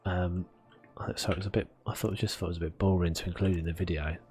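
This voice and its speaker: Over soft background music, a South London man builds in a game and offers relaxed, rambling, self-deprecating commentary as a gaming streamer. He talks fast in a low, steady, somewhat dark voice with a breathy edge.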